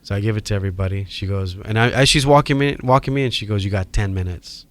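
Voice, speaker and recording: A middle-aged man from Hawaii with a Hawaiian accent, telling animated stories as a podcast guest. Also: on the low side, fast talker. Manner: animated storyteller acting out quoted voices. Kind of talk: storytelling in a podcast interview.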